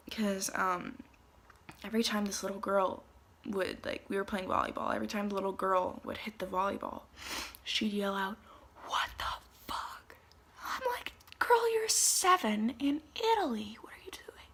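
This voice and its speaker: A young woman vlogging on a trip, telling stories in a chatty, animated way with lots of fillers. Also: medium pitch, husky. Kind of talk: casual storytelling to camera. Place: travel spots in Italy, some clips outdoors.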